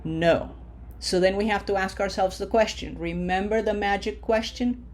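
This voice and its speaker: A woman teaching a recorded online language lesson, patiently walking through rules step by step and slowing down to model words. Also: medium pitch, fairly even intonation, darkish tone. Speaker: Spanish teacher.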